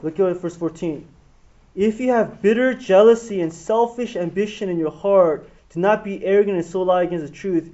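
A man giving a casual Bible teaching to a small group, retelling the story with animated, acted-out quotes and swings in loudness. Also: high voice, moderate pace. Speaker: pastor. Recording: dull lo-fi room recording.

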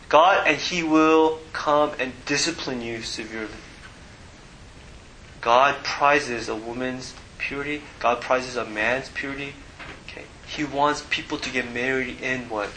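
A man preaching a casual sermon, often pausing to ask his listeners to fill in the missing word. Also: on the high side, bright, forceful tone, slight background noise, poor audio. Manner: asks the audience to fill in words.

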